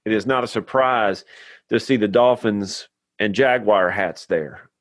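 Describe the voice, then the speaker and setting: A man's voice: on the low side, a little slow, no echo. A man from Tennessee, hosting a football podcast, reading an earnest intro and then chatting with a guest. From Tennessee, USA. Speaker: podcast host. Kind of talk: scripted intro then casual chat.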